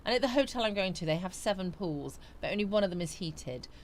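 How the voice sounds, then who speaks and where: A woman's voice: medium pitch, lively intonation, fast talker, a little hiss or hum. A woman from the West Country, hosting a live chat stream from a small home studio, sleepy and yawning as she greets viewers by name and answers their comments. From West Country, England. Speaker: livestream host.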